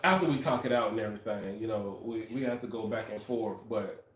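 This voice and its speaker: A man co-hosting a casual talk show with his wife, telling stories in an animated way and acting out what people said. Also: on the low side, brisk. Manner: animated storytelling, acts out quotes. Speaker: podcast co-host, husband. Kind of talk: casual chat. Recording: echoey room, distant mic.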